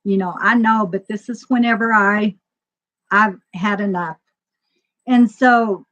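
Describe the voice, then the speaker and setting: A woman telling a personal story to a live audience in a casual, emotional way, laughing often and swinging between loud and quiet. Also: on the high side. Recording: dull lo-fi sound.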